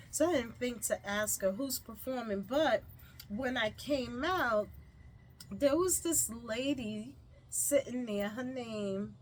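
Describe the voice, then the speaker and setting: A woman vlogger chatting through a casual story, animated and full of fillers. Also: mid-range voice, slight background noise.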